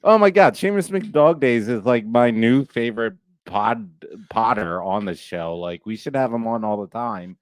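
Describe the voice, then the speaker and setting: A man co-hosting a sports podcast in a casual chat, jokey and quick to laugh. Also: fairly low pitch, expressive, smooth, no room sound, clean studio sound. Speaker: podcast co-host.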